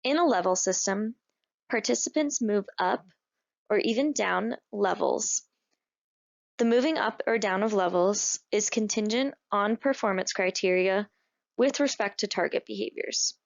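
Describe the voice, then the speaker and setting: A woman giving scripted narration for a training course in a measured, explanatory way. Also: medium pitch, vocal fry. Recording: dull, lo-fi voice-over.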